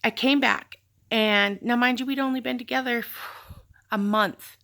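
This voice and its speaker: Gravelly, bright-voiced woman telling her story. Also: a little high, steady tone, measured pace. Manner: candid, reflective, with sighs and fillers. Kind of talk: personal storytelling.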